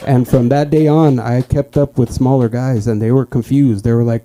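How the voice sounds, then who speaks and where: A young man tells stand-up stories at an open mic, speaking in a mellow, dark voice from a small club stage. He stumbles and restarts chattily, jumping into high impressions of the people in his stories. A faint hum sits under the room. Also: steady tone, fairly quick, few pauses. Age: young adult. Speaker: stand-up comic.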